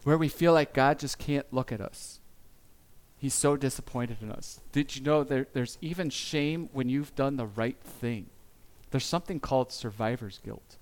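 A man giving a sermon as pastor, speaking earnestly and confessionally, with pauses and small restarts. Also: medium pitch.

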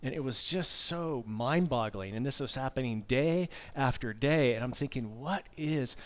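A preacher in his fifties gives a sermon at an ordinary pitch and normal speed. He speaks as if chatting with the congregation, blending candid personal stories with casual asides.

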